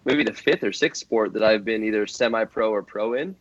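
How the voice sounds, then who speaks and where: A man's voice: lowish voice, fairly quick, dry recording. Guy rambling earnestly on a podcast, lots of ums, dry dull lo-fi sound. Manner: rambling, earnest, many fillers and restarts. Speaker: guest drift driver. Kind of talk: casual podcast chat.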